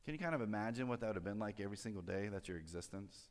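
A man's voice: on the low side, lively intonation, rapid-fire, darkish tone. A man preaching a sermon in a church, explaining scripture in a conversational way, with fillers and joking asides. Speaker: pastor. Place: church sanctuary. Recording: long hall reverb.

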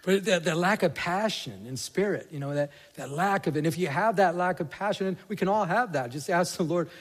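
A man's voice: high-pitched, a little fast, few pauses. A man preaching a sermon in a conversational way that builds to passionate emphasis. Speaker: pastor. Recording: reverberant hall.

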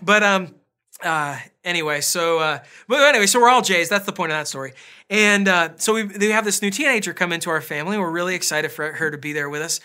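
A man preaching in a relaxed, conversational way, with a bright, clear tone. He slips easily into personal stories and pokes fun at himself between points. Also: high voice, quick pace. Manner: chatty and self-deprecating, with storytelling asides. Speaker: pastor. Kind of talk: casual conversational sermon.

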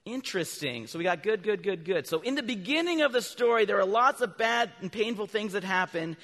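A male preacher with a notably high voice gives a children's sermon in a big reverberant church. He keeps asking his listeners questions and answering them himself. Now and then his voice jumps to loud, animated emphasis. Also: fairly quick. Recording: long reverb from a large hall.

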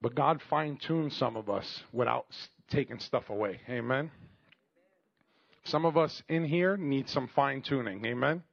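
Male pastor, middle-aged, gravelly, animated, jokey, calls for amens, dry muffled sound. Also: medium pitch, dry recording. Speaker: preacher. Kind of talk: storytelling sermon.

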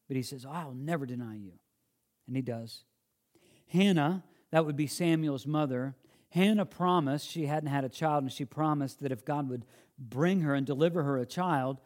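A man's voice: fairly high pitch, darkish tone. Earnest man preaching a sermon. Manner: earnest, emphatic, with restarts and quoting scripture.

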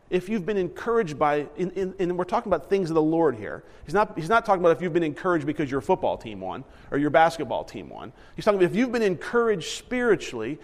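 A man's voice: sits high, in a large hall. A man in his thirties giving a conversational sermon as a pastor, dropping into other voices for quoted lines. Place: church sanctuary.

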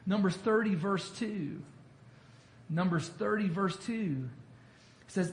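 A man's voice: high-pitched, takes it slowly, long pauses. A man leading a Bible study as pastor, talking conversationally, repeating himself and asking the group questions. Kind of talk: interactive Bible teaching. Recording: echoey room with faint noise.

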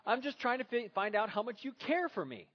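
A man's voice: extremely high pitch, sing-song, fairly quick, dull audio, pitched above the performer's own voice, exaggerated voice. A man voicing an exasperated young wife who keeps pressing her husband with urgent questions. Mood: insistent.

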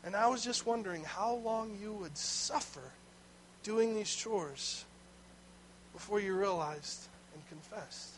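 A man voicing a calm, knowing old grandmother who speaks softly and slowly. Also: sits high, a little hiss or hum, poor audio. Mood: gentle. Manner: soft, gentle, slow.

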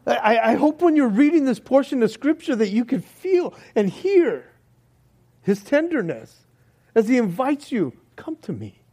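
A man preaching a sermon, slow and earnest, often dropping to soft, hushed words. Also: very high voice, very animated. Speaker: pastor. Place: church hall.

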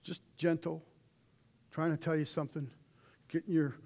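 A middle-aged man preaching a sermon in a folksy, animated way, with sudden shouted asides. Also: on the high side, normal speed, creaky.

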